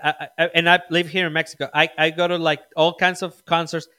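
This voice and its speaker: Bright, fast-talking excited man. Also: a little high, clear, resonant tone, no room sound. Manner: excited, stammering restarts. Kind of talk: casual chat.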